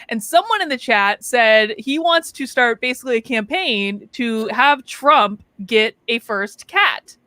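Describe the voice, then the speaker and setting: A bright, lively woman co-hosts a casual live stream from home. Her voice is high and very animated, and it sits dry and close on her home computer mic. She talks quickly, with asides. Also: dry recording. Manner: chatty, quick asides, laughs at tech trouble. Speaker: co-host of a live talk show.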